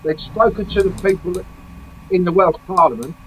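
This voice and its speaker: A man's voice: high-pitched, moderate pace, slight background noise, poor audio. A man from England co-hosting a casual live chat, asking questions and passing on news. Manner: chatty, asks questions, tells news. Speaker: co-host.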